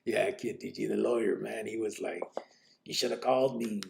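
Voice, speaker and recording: A man's voice: lowish voice, fairly even intonation, moderate pace, creaky. A man telling his own story on a live podcast, blunt and profane, full of fillers. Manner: blunt, profane street talk with many fillers.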